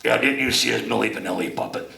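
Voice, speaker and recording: A man doing the voice of a crude, wisecracking male ventriloquist puppet in a stand-up comedy act, heckling with bawdy punchlines in a gravelly voice. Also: medium pitch, fast talker, pushed and bright, a little hiss or hum, voice pushed down. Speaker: ventriloquist's dummy. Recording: echoey club from far off.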